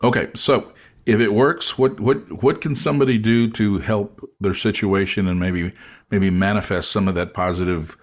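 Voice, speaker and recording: A man hosting a casual chat, telling an animated story and acting out the voices of the people in it. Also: lowish voice, moderate pace. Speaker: host.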